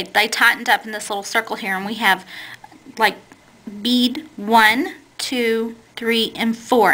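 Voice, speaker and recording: In poor-quality audio, a woman's slightly high, bright voice carries a forceful tone as she demonstrates a beading technique. She goes step by step, plainly and patiently, and corrects herself while working with her hands.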